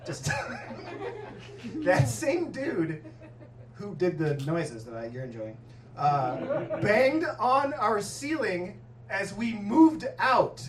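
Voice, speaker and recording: Guy doing standup, high lively voice, echoey club, crowd laughing, mic kinda far. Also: takes it slowly. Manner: profane, animated storytelling. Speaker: stand-up comedian. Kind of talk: stand-up set. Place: comedy club stage.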